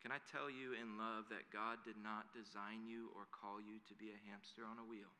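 A man's voice: fairly low pitch, flat delivery, moderate pace, pushed and bright. A man preaching a sermon in an earnest way that builds to emphatic declarations. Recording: long hall reverb.

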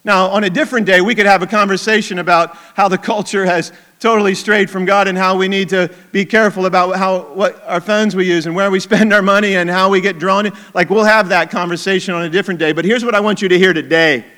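Guy preaching a sermon, kinda high voice, chatty asides then goes quiet and intense. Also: steady tone, fast talker, hardly any pauses. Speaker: pastor.

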